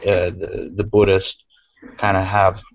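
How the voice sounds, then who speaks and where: A man with a low, gravelly voice talks in a halting, casual way, full of fillers and restarts. His tone stays flat, and the recording sounds dry and muffled. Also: slight background noise. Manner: hesitant, many fillers and restarts. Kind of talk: casual conversation.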